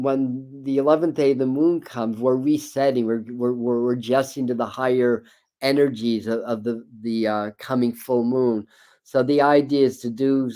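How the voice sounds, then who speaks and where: A man of medium pitch hosts a spiritual tarot talk. He rambles casually, repeating words and circling back with fillers as he thinks aloud. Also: warm tone. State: a bit foggy this morning. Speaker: tarot reader and spiritual host.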